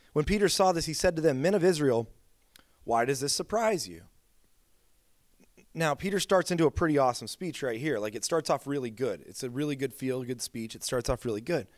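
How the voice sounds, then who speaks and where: A man's voice: on the high side, quick pace, no echo, clean studio sound. Casual storytelling male pastor. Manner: casual storytelling with filler words. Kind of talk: sermon. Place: church.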